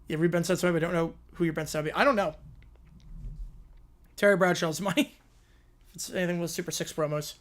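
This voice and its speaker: A man hosting a casual livestream, chatting in quick asides as he reads viewer requests aloud. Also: a little high, fairly even intonation, fairly bright tone. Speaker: streamer host.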